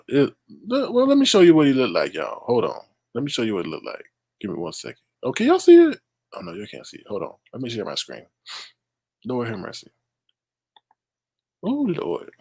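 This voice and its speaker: Lively middle-aged man reading news. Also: mid-range voice, gravelly, dry recording, clean studio sound. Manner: animated, exclaiming and laughing at the story; reads news aloud and talks to the chat. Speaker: live-stream host. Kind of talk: live-stream news commentary.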